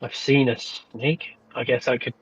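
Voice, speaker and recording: Brief: man, tabletop player, husky excited voice, dry dull recording. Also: mid-range voice, a little slow, dry recording. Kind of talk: casual tabletop game play.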